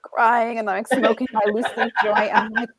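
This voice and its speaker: A woman in her forties with a Brooklyn accent, a guest actress telling animated, self-deprecating stories in a casual interview and acting out the quotes. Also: fairly high pitch, brisk, over a noisy crowd. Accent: Brooklyn New York.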